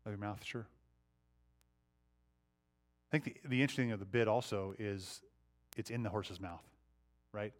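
A man's voice: lowish voice, normal speed, long pauses. A man in his thirties leading an interactive Bible study, talking conversationally and putting questions to the group.

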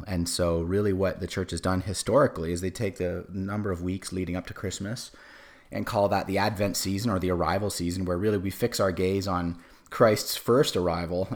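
A man's voice: deep voice, brisk. A man in his forties with a cold, giving a casual sermon as a pastor, with many fillers and restarts. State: has a cold.

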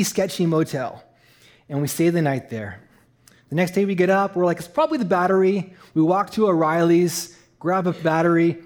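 A man from Eastern Canada, a musician, telling a personal testimony at church as a lively storyteller who turns soft and quiet for grave moments. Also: fairly high pitch.

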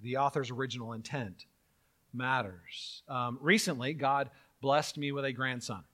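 A middle-aged man preaching a sermon as pastor, animated and joking, with mock-outraged asides. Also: mid-range voice, moderate pace.

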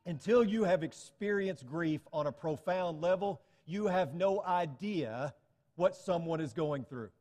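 A man's voice: high voice, darkish tone, long reverb tail. A man preaching a sermon to his congregation, earnest and telling stories to illustrate his points. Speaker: pastor.

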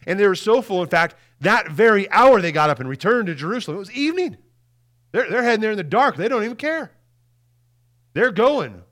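Easter preacher, male, fairly high voice, conversational and animated, drops to a hush for key points. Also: brisk. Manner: animated, conversational, often repeats words and asks "right?"; swings between loud emphasis and quiet, hushed lines. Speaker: pastor. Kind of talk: Easter Sunday sermon.

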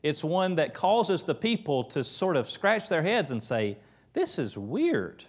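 A man preaching in a relaxed, conversational way, then turning emphatic as he retells the scripture. His voice sits a little high. He brings the quoted lines to life as he speaks. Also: a little slow, husky. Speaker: pastor. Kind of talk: sermon. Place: church.

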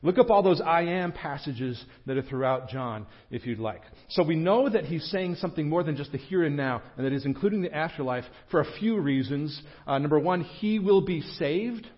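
Earnest preacher, slightly high voice. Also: male voice, expressive, lo-fi sound. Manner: earnest, emphatic preaching with quick laughs. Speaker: pastor. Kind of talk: sermon. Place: church sanctuary.

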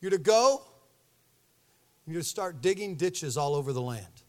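A pastor preaching a sermon, telling the story with animated energy and acting out the voices. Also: male voice, fairly high pitch, unhurried.

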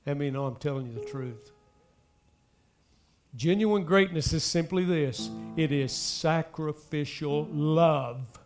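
A man preaching a sermon, speaking straight to the congregation with emphatic swells and soft drops. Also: a little high, slow pace, soft background music. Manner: addresses the congregation directly. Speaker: pastor.

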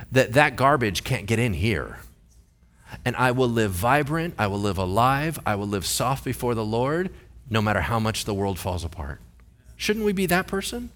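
A man in his forties preaching a sermon in a church, casual and joking, often turning to the congregation with questions. His voice is a touch high and bright and forceful. His pitch leaps around with lively energy. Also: normal speed. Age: 40s. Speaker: pastor.

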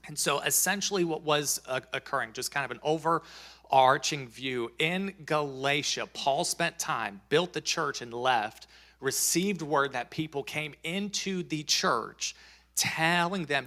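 A man's voice: a little high, unhurried, sharp tone. A man preaching a sermon as pastor, talking in a conversational, joking way and reading scripture aloud.

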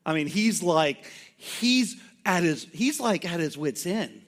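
A man's voice: sits high, expressive, slow. A male pastor preaching a sermon in an emphatic, conversational way, full of rhetorical questions and asides.

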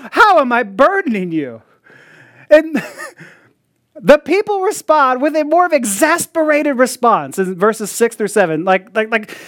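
A man's voice: extremely high pitch, a bit bright, no echo, studio quality. A man preaching a sermon in a conversational way. He often acts out the voices of people he quotes, sometimes mockingly, and fills his talk with "like" and small laughs. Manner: frequent "like" fillers and laughs.

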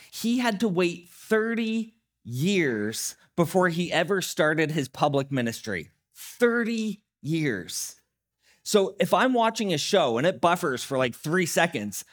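A man's voice: on the high side, big pitch swings, a little slow, fairly bright tone. A man in his thirties preaching a sermon as pastor, in a conversational way, acting out little quotes along the way.

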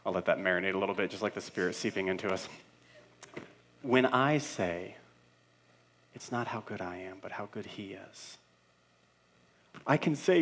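A man's voice: low voice, moderate pace, pauses often. A pastor in his thirties preaches a sermon to his congregation. He talks in a loose, conversational way, throwing in playful asides and pressing his points home with emphatic rhetorical questions. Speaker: senior pastor.

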